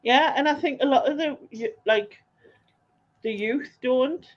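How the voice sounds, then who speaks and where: A woman's voice: high voice, measured pace. A woman with a Mackem accent chatting casually on a late-night livestream, rambling and reading out comments. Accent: Mackem (Sunderland). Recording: dull lo-fi stream audio.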